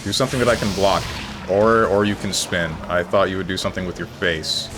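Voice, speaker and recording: A man streaming a game, talking in a dry, low-key way to his chat, with sudden high yelps when he gets hit. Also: fairly even intonation, fairly quick. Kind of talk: casual gameplay commentary. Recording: game music behind the voice. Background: faint game music.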